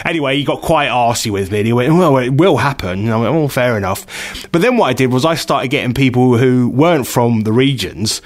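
A man co-hosting a casual radio chat show, telling animated stories and acting out the quotes. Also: mid-range voice, fast, hardly any pauses. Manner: animated storyteller, acts out quotes. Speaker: radio co-host.

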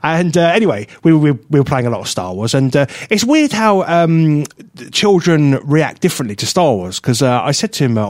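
A man co-hosting a casual radio talk show, animated and jokey, laughing often. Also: fairly high pitch, a little fast, dry recording. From England.

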